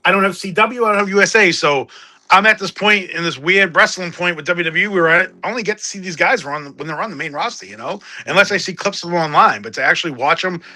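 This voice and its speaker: A man's voice: high voice, fast, pushed and bright. A man co-hosting a wrestling podcast, talking casually in an emphatic, profane way. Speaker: podcast co-host. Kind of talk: casual chat.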